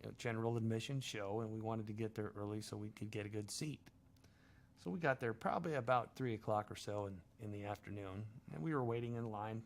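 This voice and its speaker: A middle-aged man hosting a talk radio show, telling a long story in a wry, self-mocking way. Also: mid-range voice. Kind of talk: storytelling monologue.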